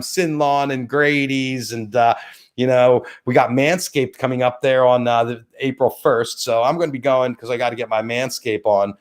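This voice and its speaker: A middle-aged man talks loosely into a desk mic, hosting his own live stream. He rambles and thanks viewers one by one. His pitch sits in an ordinary middle range. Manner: rambling, thanks viewers by name and plugs sponsors. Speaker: host of a live-stream show. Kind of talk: casual live-stream chat.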